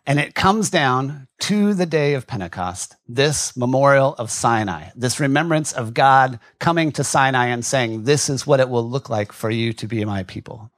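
A man's voice: medium pitch, no room sound. A male pastor giving a conversational sermon in a church, joking with the congregation now and then, his voice wearing thin. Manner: conversational, asides and jokes to the congregation. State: losing his voice. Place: church hall.

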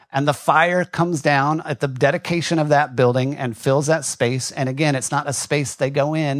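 A man's voice: medium pitch, dry recording. A male pastor giving a conversational sermon in a church, joking with the congregation now and then, his voice wearing thin. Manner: conversational, asides and jokes to the congregation. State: losing his voice. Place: church hall.

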